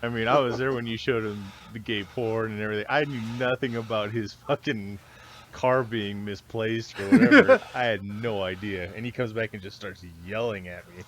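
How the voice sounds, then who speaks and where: Male co-host, lively and profane, quick to laugh. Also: fairly low pitch. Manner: profane, exasperated, laughs through lines. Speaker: podcast co-host. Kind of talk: casual chat.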